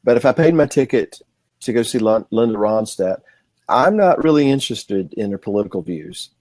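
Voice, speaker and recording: A man from the American South co-hosts a political talk show, speaking in a measured, folksy, deliberate way. His voice sits somewhat low. The sound is dry and close. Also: animated, a little mellow, no echo. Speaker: co-host.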